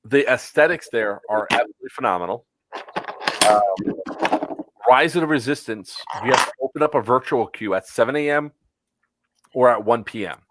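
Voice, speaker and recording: A man's voice: mid-range voice, normal speed, long pauses, noisy background. Rambling man telling a story. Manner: animated storyteller, acts out quotes, many fillers. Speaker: podcast co-host. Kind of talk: casual chat, storytelling.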